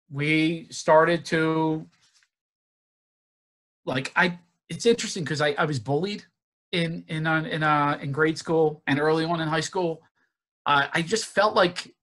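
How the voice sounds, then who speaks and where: A man from Northeast Philadelphia giving an earnest personal recovery talk, halting with many restarts and fillers. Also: on the high side, a bit bright. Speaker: guest speaker. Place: virtual forum presentation.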